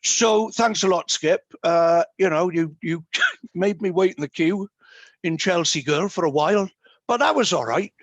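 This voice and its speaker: A man with a fairly high voice tells humorous stories over a video call. He fills his talk with ums and uhs, and the sound is dry and close. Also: measured pace, fairly bright tone, no echo. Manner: humorous storytelling with many fillers. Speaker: guest speaker. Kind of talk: anecdotal talk at an online meeting.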